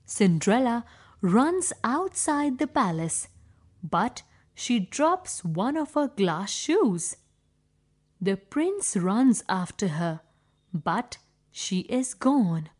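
A woman reads a children's story aloud in a clear, deliberate way, using simple phrasing. Her voice sits a little high and moves up and down in lively swings. She takes every phrase very slowly. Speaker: storyteller for young pupils. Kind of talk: slow children's story reading.

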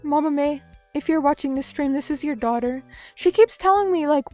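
A woman's voice: high-pitched, brisk, warm tone, faint music behind. A young woman streamer chatting casually, reading out chat messages and joking about herself in a playful way. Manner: playful, reads chat aloud, self-mocking.

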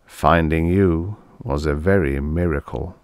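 A man voicing a spaceship's brain that speaks calmly and with quiet pleasure as it traps its victim. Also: extremely low pitch, no echo, pitched below the performer's own voice. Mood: calm menace. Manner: calm, measured, quietly pleased. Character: calm, sinister spaceship brain, cheerfully menacing.

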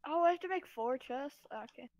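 Young woman, casual gaming chat, teasing, punny, giggly, somewhat high voice. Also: brisk, lo-fi sound, slight background noise. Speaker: co-op game partner.

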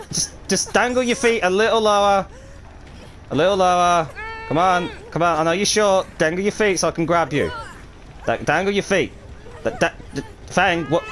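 A young man giving excitable live gameplay commentary, swearing freely and calling out to his teammates. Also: a little high, moderate pace, slight background noise, low-quality recording. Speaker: gaming video creator.

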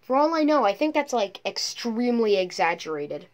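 Playing a mobile racing game, a chatty woman YouTuber keeps up a rambling commentary recorded through a screen recorder on her phone's microphone. She speaks at a moderate pace in a sing-song voice on the high side.

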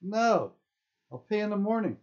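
A man's voice: medium pitch, moderate pace, warm tone, lightly acted. A man voicing a stubborn, stoned male camper who snaps back in defiant outbursts. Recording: dull lo-fi recording.

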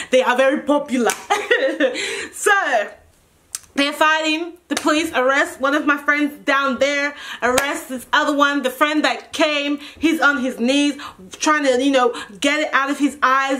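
A young woman with a high, bright voice tells a story in a casual vlog. She is animated and acts out each person's lines as she goes. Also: a little hiss or hum. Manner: animated, acts out every line of dialogue. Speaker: vlogger.

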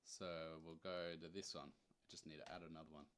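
A young man giving a casual live screen-share software tutorial. He thinks aloud in a loose, chatty way and adds wry asides as he clicks through. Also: extremely low pitch, steady tone, brisk. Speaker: software demo presenter.

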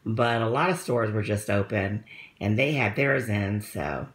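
A woman's voice: extremely low pitch, lively intonation, measured pace. A woman, slightly out of breath, chatting casually in a rambling way with many fillers as she reviews a shopping haul. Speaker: vlogger.

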